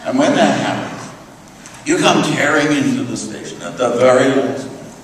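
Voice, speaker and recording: A man's voice: medium pitch, moderate pace, slight background noise. An older American man giving a humorous lecture, telling wry anecdotes with dry jokes and frequent fillers. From United States. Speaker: guest speaker. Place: large lecture hall. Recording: echoey hall recording from far off.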